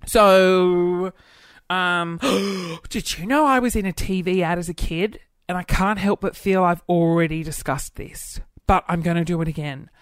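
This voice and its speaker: A young man hosting a podcast in casual solo chat, camp and flamboyant, running off into quick asides. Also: sits high, no echo, studio quality. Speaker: podcast host.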